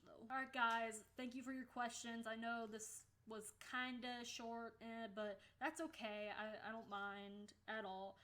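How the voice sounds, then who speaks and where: A woman's voice: a little high, fairly bright tone. A young woman from the United States chatting casually in a vlog, blunt and swearing offhandedly. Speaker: vlogger.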